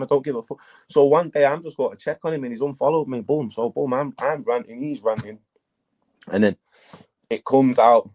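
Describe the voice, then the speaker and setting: A man, a battle rap guest talking casually in an interview, telling animated stories and swearing a lot. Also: mid-range voice. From England. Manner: animated storytelling, heavy swearing.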